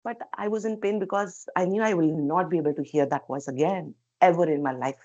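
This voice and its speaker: A woman's voice: lowish voice, a little fast, dark tone, dull audio. Reflective woman giving a speech. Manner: reflective, asks many rhetorical questions. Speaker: speaker at a public speaking club meeting. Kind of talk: prepared personal speech. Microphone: video call.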